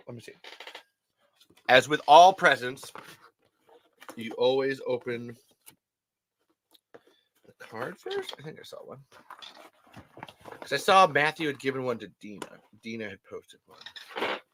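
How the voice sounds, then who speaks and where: A man in his thirties hosting a casual livestream, rambling and self-deprecating, swearing freely and breaking into loud impressions. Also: mid-range voice, normal speed, pauses often, noisy background. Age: 30s. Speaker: livestream host. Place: hot upstairs room.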